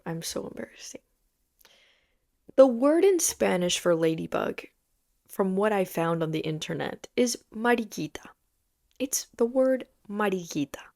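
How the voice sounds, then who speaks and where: A young woman tells embarrassing stories in a chatty, self-mocking podcast. Her voice sits a little low for a woman. She laughs along with herself and slips into whispers for the punchlines. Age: young adult. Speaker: podcast host. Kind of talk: casual storytelling podcast.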